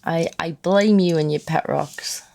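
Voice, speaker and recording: A woman speaks slowly in a low voice with dry, laid-back teasing, smoking as she chats on a game stream. Her delivery stays relaxed and unhurried. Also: creaky. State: smoking while talking. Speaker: streamer guest. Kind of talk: casual chat while gaming.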